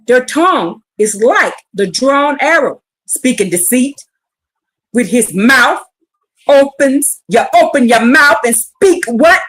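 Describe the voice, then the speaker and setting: Woman w/ aave preaching a bible class, high voice, super lively, slangy, gets shouty. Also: takes it slowly. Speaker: bible teacher. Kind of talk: streamed bible class sermon.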